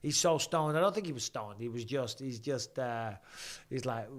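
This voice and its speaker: Brisk and medium-pitched, this live stream host, a man in his forties, offers casual fight commentary from his home. His banter is chatty and jokey as he reads out and answers viewer questions.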